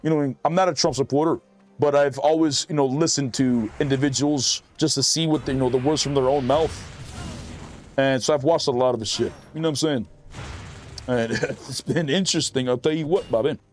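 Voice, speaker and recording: A man's voice: mid-range voice, steady tone, fairly quick, faint music behind. A man streaming a game, chatting casually and profanely while reading his chat aloud.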